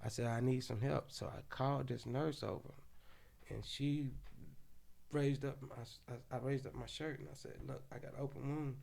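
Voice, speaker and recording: Podcast guest, male, from Oklahoma City: gravelly, heated casual storyteller. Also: mid-range voice, normal speed. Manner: animated, heated retelling with slang and profanity.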